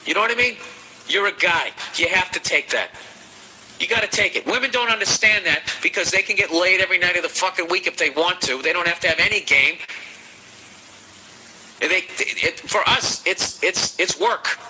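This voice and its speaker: A man with a Boston accent hosting a podcast, giving comedic advice in a profane, animated rant. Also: high voice, normal speed, a little hiss or hum, rough recording. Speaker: podcast host.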